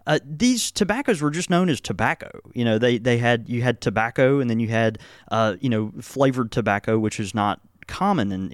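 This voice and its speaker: Rambling American pipe shop host. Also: male voice, fairly low pitch, no echo, clean studio sound. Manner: rambling, many fillers and restarts. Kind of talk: casual podcast chat.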